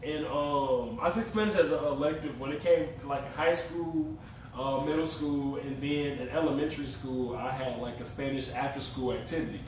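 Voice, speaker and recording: A man's voice: mid-range voice, moderate pace, recorded from a distance, a little hiss or hum. A young man co-hosting a casual podcast chat, telling stories animatedly, laughing often and swearing freely. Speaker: podcast co-host. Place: room recorded for a live stream. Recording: echoey room, from off the mic.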